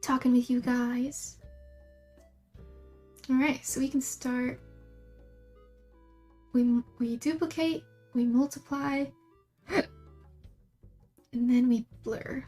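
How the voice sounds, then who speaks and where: A young woman with a slightly high voice chats loosely with her viewers while she draws. She rambles from topic to topic and laughs often, and faint music plays behind her. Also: fairly even intonation, takes it slowly, long pauses, warm tone. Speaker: livestreamer drawing emotes. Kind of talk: casual chat while drawing.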